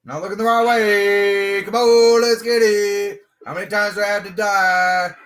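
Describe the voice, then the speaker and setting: A man commenting casually on his own gameplay, frustrated, with sudden excited outbursts and shouts. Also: high-pitched, a little slow. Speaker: gamer.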